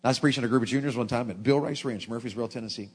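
A middle-aged man, preaching a sermon with folksy, animated humor. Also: mid-range voice, rapid-fire, husky.

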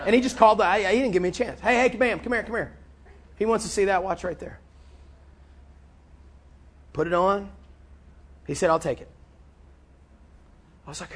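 This is sermon storytelling: a man with a high voice recounts a personal experience, animated, repeating words and playing both parts of a dialogue. His speed is normal, broken up by long pauses.

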